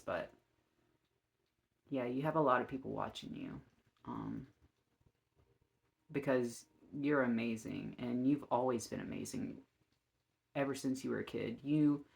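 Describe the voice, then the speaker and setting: Slow, gravelly-voiced tarot reader. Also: medium pitch. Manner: slow and gentle with frequent ums, warmly encouraging; gushing and easily emotional, often laughing. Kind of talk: casual tarot reading to camera.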